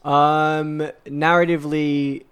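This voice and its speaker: A man's voice: fairly high pitch, flat delivery, slow pace, fairly bright tone, smooth. A man in a casual gaming chat, talking with hesitant ums and restarts.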